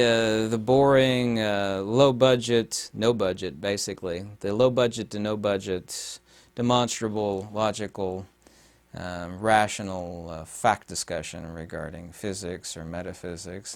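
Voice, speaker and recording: Rambling, halting man vlogging. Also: lowish voice. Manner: rambling, halting, many fillers; turns emphatic and mocking on points. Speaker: video host. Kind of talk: casual vlog monologue.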